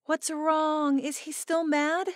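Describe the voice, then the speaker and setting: This is an excitable young bride-to-be, put on by a woman reading an audiobook. She talks higher and louder than the narration, animated and a little exasperated. The recording is dry and close, with no room sound. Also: slow pace, no echo. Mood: concerned. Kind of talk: audiobook character voice.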